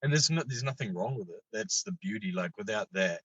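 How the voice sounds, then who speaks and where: A man chatting casually as a podcast guest, laid-back, swearing freely and getting lively when he tells stories. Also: fairly low pitch, brisk, husky, dry recording, dull audio. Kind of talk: casual chat.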